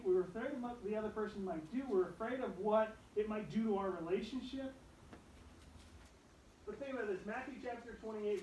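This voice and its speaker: Young male youth pastor preaching, higher voice, echoey room, mic some distance off; animated delivery with hushed asides. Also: a little hiss or hum. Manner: animated preaching, dropping to hushed tones for stories. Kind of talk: youth sermon.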